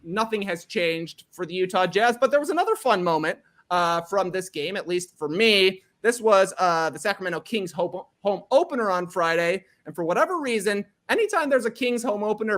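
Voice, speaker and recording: A man's voice: high voice, expressive, normal speed, hardly any pauses, fairly bright tone. Laughing, chatty podcast host, man. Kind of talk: casual chat.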